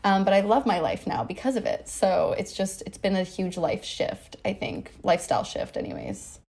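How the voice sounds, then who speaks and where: A woman's voice: mid-range voice, sing-song, normal speed, creaky, a little mellow. A young woman from Canada, a podcast guest, chatting casually and upbeat with lots of "like". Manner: chatty, upbeat, heavy use of "like". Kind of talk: casual chat.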